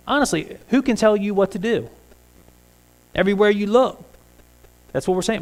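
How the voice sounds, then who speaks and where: A man's voice: sits high, normal speed, long pauses, darkish tone. A man preaching a sermon in a church, talking conversationally and asking the congregation many rhetorical questions. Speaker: pastor.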